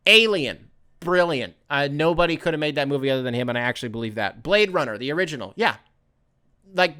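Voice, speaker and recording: Young adult male podcast host, slightly high voice, rambling, animated, profane, self-correcting. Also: clear, resonant tone. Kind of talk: casual solo monologue.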